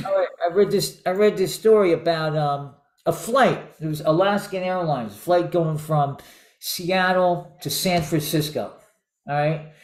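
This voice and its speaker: A man hosting a casual show, telling jokes and stories with chuckles and halting restarts. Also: fairly high pitch, roomy sound. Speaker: show host. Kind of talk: casual joke-telling chat.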